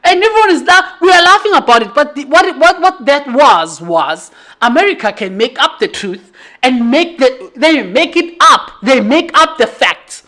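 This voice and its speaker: Fired-up South African woman, high voice. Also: lively intonation, measured pace, bright, forceful tone. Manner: heated, profane and rhetorical, with emphatic repetition. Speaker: podcast host. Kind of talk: opinionated podcast monologue.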